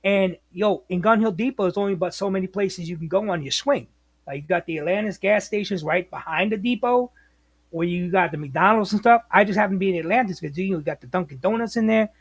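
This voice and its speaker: A man, a former bus operator telling stories as a podcast guest in a lively, slangy way. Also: high voice, quick pace, slightly rough, dry recording. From New York, US. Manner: animated, slangy, acts out quotes. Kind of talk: casual storytelling.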